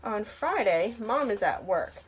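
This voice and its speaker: A woman reading a children's picture book aloud in an expressive storytelling voice. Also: mid-range voice, a little slow, slight background noise. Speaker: storybook reader.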